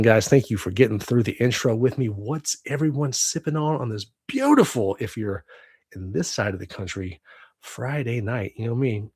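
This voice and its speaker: A man's voice: mid-range voice, animated, moderate pace, a little mellow, husky, dry recording. A man in his forties from the United States hosting a casual livestream from home on a webcam, rambling, laughing often and swearing freely. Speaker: livestream host.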